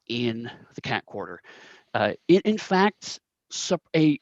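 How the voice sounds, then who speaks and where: A man's voice: medium pitch, no echo, highs cut off. A man narrating a tabletop game as game master, rambling with many fillers and restarts.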